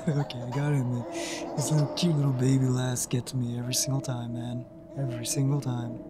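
A man giving casual commentary on a horror game playthrough. He curses a lot and jokes, and at times he taunts the game's monster in a loud, high voice. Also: little pitch movement, a little fast, heavy background noise. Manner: profane, taunting, joking. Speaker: gaming YouTuber. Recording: game music behind the voice.

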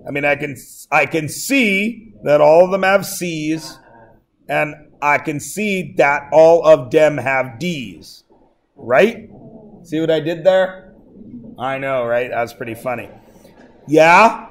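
A man's voice: fairly high pitch, slow. A male math teacher lecturing a class, joking and often checking that everyone follows. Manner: jokey, keeps checking in with the class.

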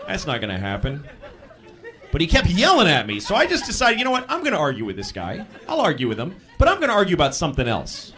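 A man performing a stand-up comedy routine, telling exasperated stories and bursting into shouted acted-out lines. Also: a little high, huge pitch swings, fast talker. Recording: live club with laughing crowd.

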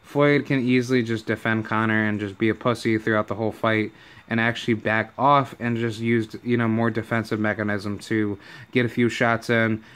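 Young dude vlogging, super hyped, swears a lot, lots of ums, clean bright voice. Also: male voice, lowish voice, moderate pace, smooth. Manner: excitable, profane, rambling with many fillers. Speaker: YouTuber. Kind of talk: casual vlog commentary.

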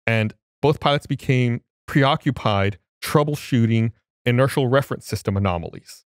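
A man's voice: medium pitch, moderate pace, clear, resonant tone, no room sound, studio quality. A man co-hosting a podcast, explaining things step by step in casual chat. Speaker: podcast co-host.

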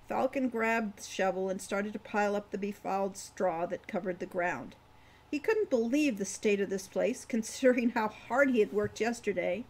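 A woman's voice: medium pitch, normal speed, a little mellow. Woman reading her novel aloud. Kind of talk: audiobook narration.

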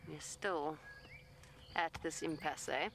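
A safari guide, a woman with a low, slow, creaky voice, addresses the camera live from her vehicle outdoors amid a noisy background. She soothingly pleads with an elephant and plainly explains what it's doing.

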